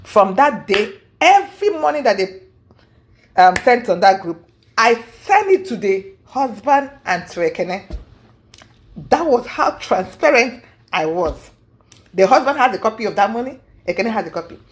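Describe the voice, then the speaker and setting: A woman's voice: fairly high pitch, moderate pace. A woman telling a personal story with feeling, repeating herself for emphasis and acting out what people said. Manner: animated, acts out quoted speech, repeats herself for emphasis. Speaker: guest recounting a personal story. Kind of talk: emotional storytelling.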